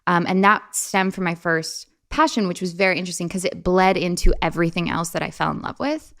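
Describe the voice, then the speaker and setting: In a fairly quick, chatty manner, a young woman speaks as an interview guest. She's animated and often raises her voice into a playful high register when quoting.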